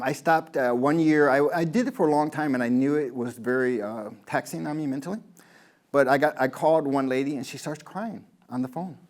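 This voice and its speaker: A man's voice: mid-range voice, darkish tone. A man, a golf pro, giving a rambling motivational talk to a live audience, telling stories and asking the crowd questions.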